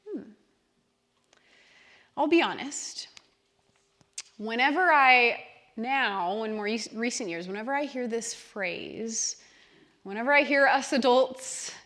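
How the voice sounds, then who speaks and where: Young woman, church speaker; earnest, guiding tone, slightly high voice, speaking to a hall audience. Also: a bit bright. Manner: earnest, guiding listeners through an imagined scene. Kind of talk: church talk to a live audience.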